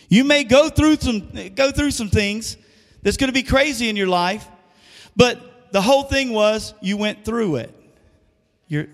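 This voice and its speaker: Pastor preaching in an echoey hall. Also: male voice, high-pitched. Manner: conversational preaching with call-and-response questions. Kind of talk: sermon. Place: church sanctuary.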